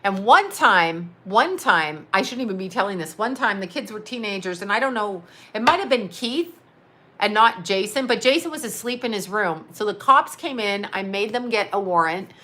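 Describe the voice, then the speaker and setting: A woman's voice: mid-range voice, animated, moderate pace, bright, forceful tone. A middle-aged American woman, a psychic medium, rambling through a casual livestream story with laughs and swearing. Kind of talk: casual livestream chat reading comments.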